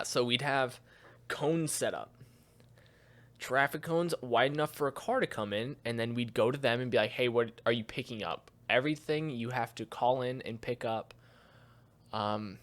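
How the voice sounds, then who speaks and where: Young guy on a podcast telling work stories, doing the back and forth, normal pitch. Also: a bit bright. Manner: storytelling, acts out both sides of conversations. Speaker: podcast co-host. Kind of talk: casual chat.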